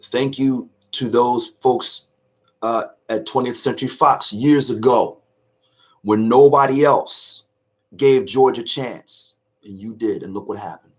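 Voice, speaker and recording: A middle-aged man hosting a casual reaction video, choked up with emotion, talking earnestly in halting restarts. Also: medium pitch, husky. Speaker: YouTube reaction host.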